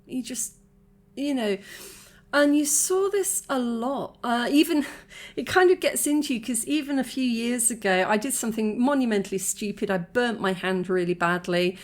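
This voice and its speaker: A woman's voice: a little high, normal speed. Chatty woman in her forties reflecting. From United Kingdom. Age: 40s. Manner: chatty, laughs often, restarts mid-sentence. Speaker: vlogger. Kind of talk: casual reflective monologue.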